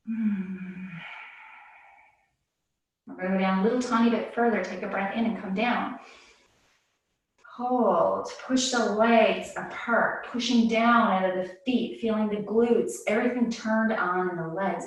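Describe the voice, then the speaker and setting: A woman leading a yoga class, calmly cueing breaths and movements, a little out of breath. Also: mid-range voice, a little slow, long pauses, heavy reverb, far from the mic, poor audio. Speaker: yoga instructor. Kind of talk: guided yoga class instruction.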